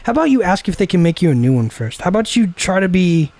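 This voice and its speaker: A man's voice: high voice, sing-song, fast talker, darkish tone, dry recording. A young man co-hosting a casual podcast chat over beers, ranting and swearing, often acting out what other people would say. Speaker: podcast co-host.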